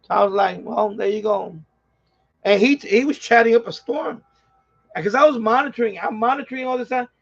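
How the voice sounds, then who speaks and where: A man with a New York accent hosts a ham radio live stream, ranting casually in an exasperated, repetitive way. His voice is extremely high, a bit bright and fairly quick, with vocal fry, and the lo-fi audio sounds dull.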